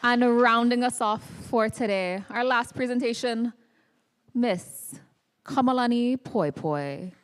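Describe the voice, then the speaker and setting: A woman's voice: on the high side, slow, slight background noise. A woman acting as emcee, announcing and introducing the next speaker.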